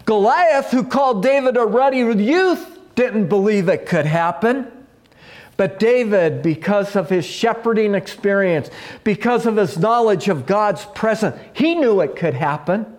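Slow-preaching man with a high voice. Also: lively intonation, darkish tone. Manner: slow, measured preaching with dropping phrase ends. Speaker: pastor. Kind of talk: sermon.

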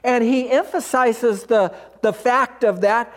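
A middle-aged man preaching a sermon as pastor, unhurried and storytelling, with frequent restarts. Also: very high-pitched, fairly even intonation.

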